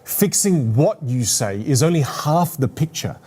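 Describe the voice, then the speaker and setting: A man's voice: mid-range voice, expressive, a little slow, warm tone, husky. A man hosting and narrating a show with scripted, direct explanations. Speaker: show host.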